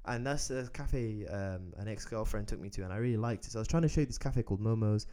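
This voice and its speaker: Rambling man with a low, mellow voice. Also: quick pace, clear, resonant tone. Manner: rambling, restarting, storytelling with put-on quotes. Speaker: podcast host. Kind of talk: casual podcast chat.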